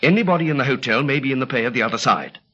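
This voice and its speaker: An actor playing a plucky British special agent, in clipped, breezy 1940s radio-drama style. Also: male voice, medium pitch, animated, rapid-fire, bright, forceful tone. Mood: brisk. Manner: clipped, breezy upper-class British banter. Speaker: lead character in radio drama. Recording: dull lo-fi vintage radio recording.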